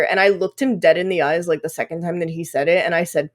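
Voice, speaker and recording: A young woman in her twenties chats on a podcast, spinning animated work stories full of swearing and filler words. Her voice sits a little low for a woman. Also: quick pace, hardly any pauses. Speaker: podcast guest. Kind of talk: casual podcast chat.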